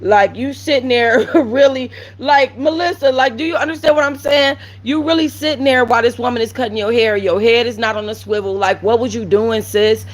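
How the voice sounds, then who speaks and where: A woman's voice: fairly high pitch, brisk, few pauses. A woman hosting a casual commentary show, blunt and sassy as she talks to her viewers. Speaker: commentary channel host.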